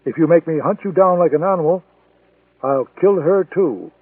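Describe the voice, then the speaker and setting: A man voicing a cold, menacing male assassin who taunts in a deliberate, threatening way. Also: a little high, expressive, slightly rough, no room sound, far from the mic. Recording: tinny phone-like sound, dry.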